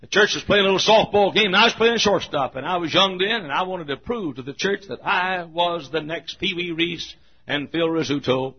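A man preaching a sermon as pastor, emphatic, swinging between shouted points and hushed asides, with a husky voice. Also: high voice, normal speed. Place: church. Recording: dull lo-fi recording.

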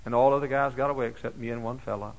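Gravelly older pastor preaching. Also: male voice, steady tone, very fast, low-quality recording. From Dallas, Texas. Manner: folksy, dramatic, swings from hushed asides to high shouted exclamations. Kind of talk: sermon with personal storytelling. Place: church.

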